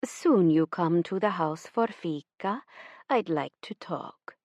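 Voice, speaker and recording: A gentle, insistent mother with a soft Swedish accent speaks slowly and deliberately, put on by a woman reading an audiobook. Her tone is quiet and low-pitched. The voice sits close and dry. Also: expressive, no echo. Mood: coaxing. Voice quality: soft, slow and measured.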